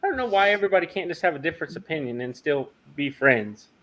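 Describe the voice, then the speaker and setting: A man hosting a casual livestream chat, talking in a halting way with lots of fillers and restarts. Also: on the high side, lively intonation, sharp tone. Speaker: host of a farm livestream.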